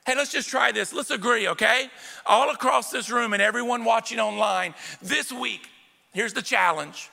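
A male preacher delivers an emphatic sermon, calling out to the congregation again and again. His voice sits high and carries a gravelly edge. It rings with long reverb through the sanctuary. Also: moderate pace, bright, forceful tone. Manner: emphatic, direct calls to the congregation. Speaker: pastor. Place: church sanctuary with a live congregation. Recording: long church hall reverb.

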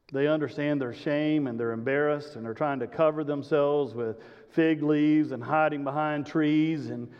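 A man's voice: fairly high pitch, smooth. A man preaching a sermon as a pastor, telling the story animatedly and speaking straight to his congregation. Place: church sanctuary. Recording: muffled recording in a large reverberant hall.

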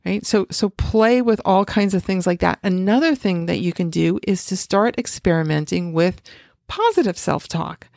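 A woman's voice: on the low side, normal speed, vocal fry, darkish tone, no echo. Conversational woman coach, dry sound. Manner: conversational, often asks "right?". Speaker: podcast host and coach. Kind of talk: casual instructional talk.

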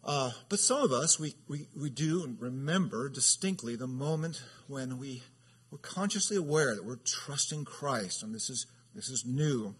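A man's voice: mid-range voice, animated, moderate pace, a bit bright, breathy edge. A man who serves as a church elder, giving a conversational sermon that rambles, restarts and keeps asking "right?". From California. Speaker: elder teaching a Bible study.

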